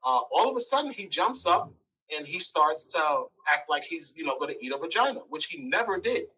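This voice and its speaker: A man as an interview guest telling a personal story, animated, acting out quoted lines. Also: fairly high pitch, brisk, recorded from a distance, a little hiss or hum, low-quality recording.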